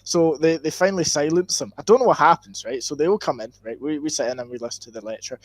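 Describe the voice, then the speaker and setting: A young Scottish man telling a school story on a podcast, sweary and excitable, tagging "right?" onto his sentences. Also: fairly high pitch, fast, dry recording. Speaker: podcast co-host. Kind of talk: casual storytelling chat.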